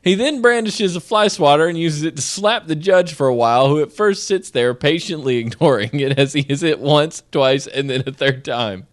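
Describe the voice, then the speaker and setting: A man's voice: on the high side, normal speed, few pauses. A man co-hosting a casual streamed show, chatting and reading odd news stories aloud, often laughing as he goes. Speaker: co-host.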